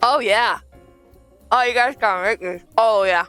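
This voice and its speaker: A woman's voice: on the high side, normal speed, a bit bright, faint music behind. A woman hosting a cooking stream in her home kitchen, talking in a joking, crude and playful way. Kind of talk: casual irreverent cooking commentary.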